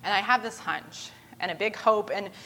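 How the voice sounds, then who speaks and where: A woman preaching a sermon, retelling a story with lively voiced quotes. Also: mid-range voice, normal speed, a little hiss or hum, poor audio.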